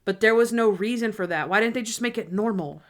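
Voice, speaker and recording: A woman co-hosting a podcast in casual chat, rambling through an episode recap and acting out scenes in quick quoted voices. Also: medium pitch. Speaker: podcast co-host.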